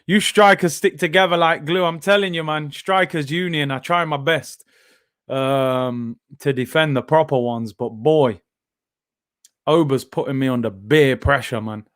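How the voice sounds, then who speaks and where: High-voiced excitable man. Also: unhurried, no echo, clean studio sound. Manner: excitable, slangy, bursts into shouts. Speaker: host of a football watchalong. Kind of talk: live reactive commentary.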